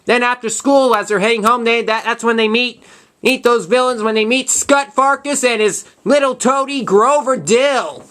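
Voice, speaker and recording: A young man hosting his own movie review, retelling a plot in a casual, halting way full of restarts and false starts. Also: extremely high pitch, pushed and bright.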